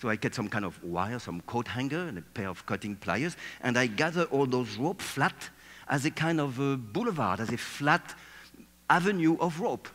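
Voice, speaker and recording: Man, animated, playful, acts out scenes, seated on stage, echoing hall. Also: medium pitch, moderate pace. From France. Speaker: speaker giving a talk. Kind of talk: theatrical storytelling talk.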